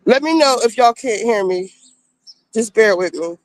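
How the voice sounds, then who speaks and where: A woman's voice: a little high, lively intonation, moderate pace. A woman streaming from her phone, giving a blunt, gossipy, profane recap of reality-show drama in casual chat.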